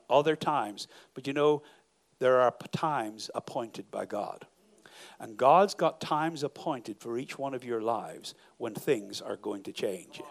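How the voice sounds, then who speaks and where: A middle-aged man from Northern Ireland with a softened Northern Irish accent, a pastor preaching a sermon that swings from quiet storytelling to loud, rousing delivery. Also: medium pitch, gravelly.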